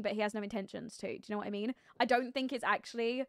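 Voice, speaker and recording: A woman streaming a life-sim game live, chatting casually and thinking aloud, with sudden excited outbursts. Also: mid-range voice, fast, dry recording, studio quality. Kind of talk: live gameplay commentary.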